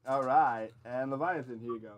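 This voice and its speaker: A man's voice: medium pitch, normal speed. A man running a tabletop game as game master, narrating in a loose, casual way with lots of fillers.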